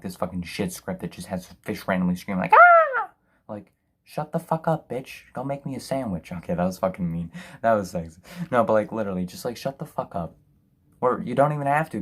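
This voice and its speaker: A man's voice: lowish voice, a little mellow, breathy edge. A man reviewing a film in a sarcastic, profane, exasperated rant. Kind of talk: ranting film review commentary.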